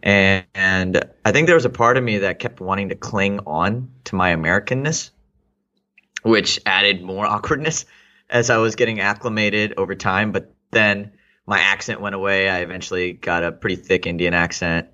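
A man's voice: deep voice, moderate pace, sharp tone. Man, thirties, from Texas, interview guest, reflective, many ums and restarts, muffled audio. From Texas, United States. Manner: reflective, thinks aloud with many fillers and restarts. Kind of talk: casual interview conversation.

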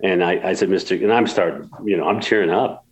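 A man's voice: low voice, quick pace, low-quality recording. A man in his sixties from upstate New York, telling emotional stories in an interview with many restarts and repeats. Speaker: golf course builder, guest. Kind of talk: storytelling interview.

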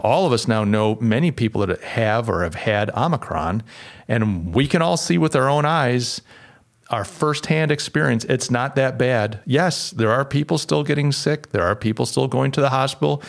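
A man with a gravelly, rough-edged voice at a middle pitch delivers solo podcast commentary as the host. He leans on sarcastic, mocking asides as he talks.

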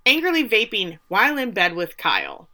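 A woman's voice: medium pitch, normal speed. A woman co-hosting a casual podcast, recapping an episode and acting out the characters' lines. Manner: animated, acts out characters' lines. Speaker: podcast co-host.

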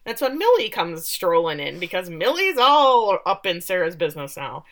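A woman co-hosting a podcast, recapping episodes in animated casual chat, often laughing and acting out lines. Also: on the low side, normal speed. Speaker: podcast co-host.

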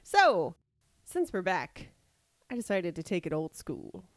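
A woman's voice: on the low side, sing-song, slow, dry recording. A woman co-hosting a podcast in casual, playful banter, laughing often. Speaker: podcast co-host. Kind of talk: casual chat.

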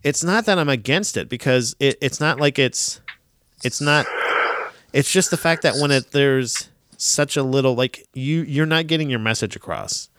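A man's voice: mid-range voice, normal speed, fairly bright tone, dry recording, clean studio sound. A man chatting casually with a friend, rambling and swearing, often restarting his sentences. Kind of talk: casual chat.

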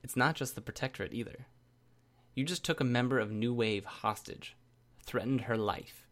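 A man's voice: mid-range voice, normal speed, a bit bright, close to an everyday voice. A cocky teenage superhero girl talks down her opponents with blunt confidence, as a male narrator reads her. Her manner is brash and confrontational throughout.

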